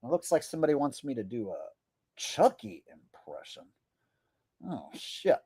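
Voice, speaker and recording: A man's voice: mid-range voice, sing-song, moderate pace, dark tone, breathy edge, dry recording. A man, a comedian, chatting casually on a livestream, rambling and joking as he reads viewer messages. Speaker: comedian and streamer.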